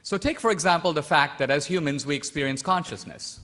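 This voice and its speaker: A man's voice: fairly high pitch, a little fast, fairly bright tone. A man from India arguing a point in a formal stage debate, insistent and full of pointed questions. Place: debate stage before a live audience.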